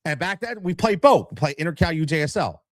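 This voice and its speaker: A man's voice: fairly high pitch, expressive, quick pace, no echo. Heated man telling a grievance story. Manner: heated, repeats himself, acts out quoted dialogue. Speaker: youth soccer coach telling his story. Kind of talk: casual storytelling, podcast interview.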